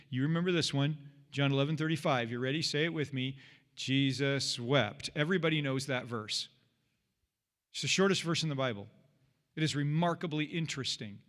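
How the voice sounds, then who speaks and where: A man's voice: mid-range voice, a bit bright, long reverb tail. A man leading a Bible study as pastor, teaching in an earnest, conversational way and often repeating himself. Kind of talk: teaching sermon.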